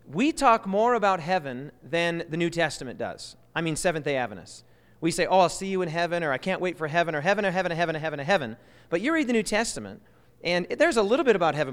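A man teaching a Bible lesson to a live church group in a lively way, often quizzing his listeners. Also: high-pitched, in a large hall.

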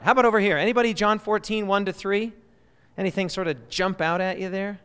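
High-voiced man teaching a church lesson. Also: fast, clear, resonant tone, long reverb tail. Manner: lively, quizzes the audience. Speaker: Bible study teacher. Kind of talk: church Bible lesson to a live group.

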